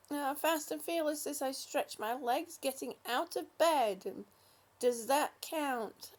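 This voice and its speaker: Slow-talking, high-voiced woman. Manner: affectionate, calls viewers honey and sweetie. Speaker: livestream host. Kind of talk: casual livestream chat reading viewer comments.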